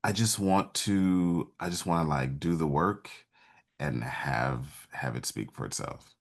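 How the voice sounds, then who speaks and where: A man being interviewed as a guest on a podcast, talking casually and haltingly, with many restarts and fillers. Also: rumbling low, vocal fry. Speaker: podcast guest, stage actor.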